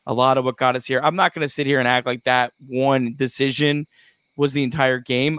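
A man co-hosting a sports podcast, replying in a measured, agreeable way with frequent restarts. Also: medium pitch, a bit bright, smooth, dry recording, studio quality. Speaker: co-host. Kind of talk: casual sports podcast chat.

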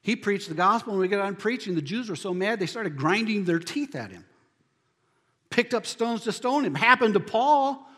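Man, pastor, sermon, high voice, long church reverb. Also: lively intonation, brisk. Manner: emphatic preaching, rising to near-shouts on key phrases.

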